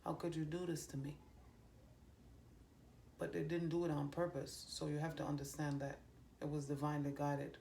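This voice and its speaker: A woman reads cards as a medium, stopping often with ums and half-started phrases. Her voice sits low and has a gravelly fry. A faint hiss stays under it the whole time. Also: level tone, dark tone. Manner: halting, many ums and restarts, relays heard messages. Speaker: psychic medium giving a card reading. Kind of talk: channeled reading to viewers. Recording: faint background noise.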